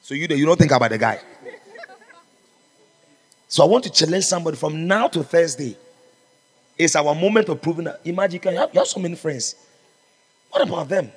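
A man's voice: on the high side, expressive, fairly quick, long pauses, husky, in a large hall. A man preaching a sermon as pastor, fervent and exhorting, calling out to his congregation. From Ghana.

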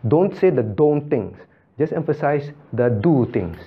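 Brief: male pastor leading a Bible class, animated pitch, muffled lo-fi sound, quizzes students by name. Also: normal speed. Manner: calls on students by name, repeats points with checking questions. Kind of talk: Bible study teaching with questions to the class.

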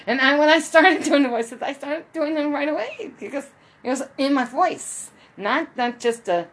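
A woman's voice: sits high, animated, moderate pace. A woman casually talking over a played video clip, rambling and repeating its lines as she speaks about doing voices. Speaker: amateur voice impressionist.

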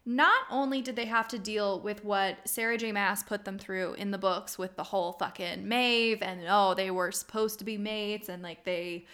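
A woman's voice: mid-range voice, steady tone, normal speed, hardly any pauses, sharp tone. A young woman co-hosting a podcast in casual chat, emphatic and swearing for emphasis. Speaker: podcast co-host.

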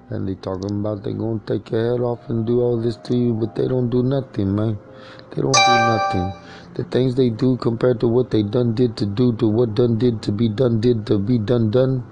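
Gravelly man rambling in street slang. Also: mid-range voice, fairly even intonation, moderate pace, darkish tone, muffled recording, faint music behind. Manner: streetwise slang, wordplay, drifting into chanted verse. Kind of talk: rambling improvised comic monologue.

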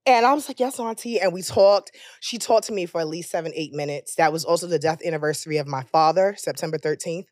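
A woman in her thirties co-hosting a podcast, telling candid stories in casual chat with frequent cursing and loud, high outbursts when she jokes. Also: fast, hardly any pauses, dry recording, clean studio sound. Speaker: podcast co-host.

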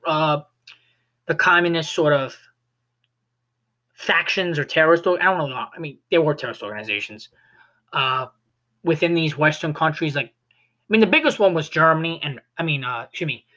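Young adult, casual film review, rambling, lots of "like", crisp bright voice. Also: mid-range voice, normal speed, pauses often. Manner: rambling, full of "like" and self-corrections. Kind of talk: casual spoken movie review.

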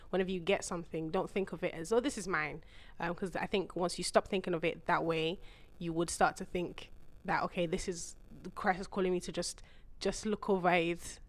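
A woman guest on a faith podcast, speaking hesitantly with many fillers as she searches for her words. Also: lowish voice. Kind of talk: casual faith podcast chat.

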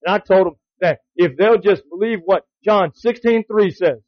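A man's voice: high voice, normal speed, no echo, dull audio. A man teaching a Bible study to other men, exhorting them with repeated commands and rhetorical questions. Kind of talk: sermon.

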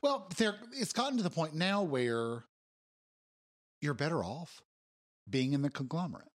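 A man's voice: on the high side, big pitch swings, normal speed. A man in casual conversation, musing aloud and acting out quoted remarks. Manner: musing, acts out quotes in different voices. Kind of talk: casual chat.

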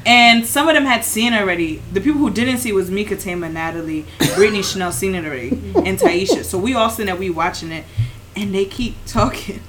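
A woman's voice: medium pitch, expressive, fast, a bit bright. A young woman in casual chat who teases, swears and acts out quoted lines. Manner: teasing, profane, acts out quotes.

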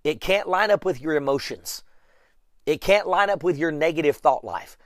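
A man's voice: a little high, animated, normal speed, no echo. Male preacher, emphatic and repetitive, recorded close and dry. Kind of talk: sermon.

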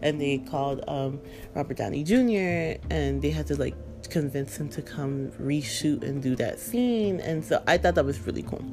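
A woman's voice: low-pitched, animated, normal speed, mellow, soft background music. A woman chatting casually and emotionally about a film, rambling with lots of fillers. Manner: rambling, filler-heavy, emotional, laughing through tears. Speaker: movie fan vlogger. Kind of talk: casual chat.

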